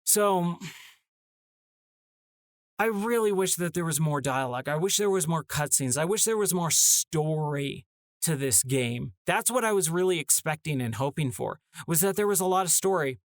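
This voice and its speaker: Ranting man with a slightly high voice. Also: expressive, moderate pace, no room sound, clean studio sound. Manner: exasperated, ranting, mock-acts short dialogue snippets. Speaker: podcast host. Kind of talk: casual opinion talk.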